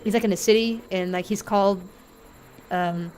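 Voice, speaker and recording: A woman streaming a game live, chatty and rambling, thinking out loud and easily moved. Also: mid-range voice, steady tone, moderate pace, a little hiss or hum. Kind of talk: live gameplay commentary.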